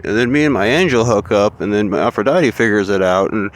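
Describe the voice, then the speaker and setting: A man's voice: lowish voice, fairly quick. A man telling a story in a casual, profane and rambling way, full of swearing and asides.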